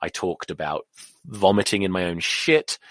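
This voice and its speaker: Middle-aged English man, host, lively swings in pitch, sweary self-mocking rant, nauseous, dry sound. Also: moderate pace, no room sound. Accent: English, drifted toward American. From England. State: nauseous, queasy. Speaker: podcast host. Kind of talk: solo podcast rant.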